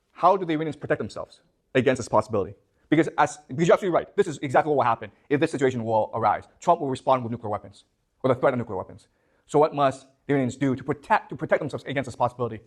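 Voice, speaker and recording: Animated lecturing man, constant check-ins. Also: on the high side. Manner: keeps checking in with "okay? you understand?"; poses questions to the students. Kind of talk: classroom lecture.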